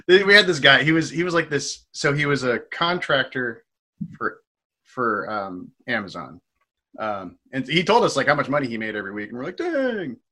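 A man from Washington State hosts a relaxed conversation, spinning animated stories from behind the bar and laughing often between his words. His voice is bright and sits at an ordinary middle pitch. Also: normal speed, pauses often. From Washington State, USA. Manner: animated storyteller, laughs often, many fillers. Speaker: podcast host and bartender. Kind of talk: casual chat.

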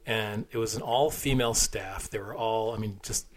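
A man's voice: fairly low pitch, steady tone, normal speed. A man hosting a podcast, telling a rambling, crude anecdote with frequent laughs and fillers.

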